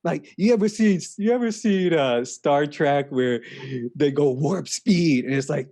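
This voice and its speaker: This man's voice is a little high and a little mellow with a breathy edge. He drifts dreamily through a comedic story, drawing out "man" and restarting his sentences as they trail off.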